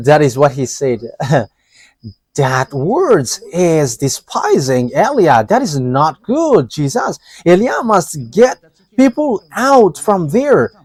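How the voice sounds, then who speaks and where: A man's voice: fairly high pitch, a little mellow, no room sound. A man giving a live religious teaching, talking hesitantly with many fillers and restarts and laughing often.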